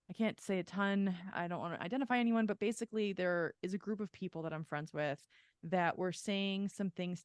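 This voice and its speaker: A woman's voice: lowish voice, no room sound. A woman co-hosting a podcast in casual chat, talking candidly and at length, full of "like" fillers and frequent swearing. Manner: candid, rambling, heavy "like" filler, swears freely. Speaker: podcast co-host.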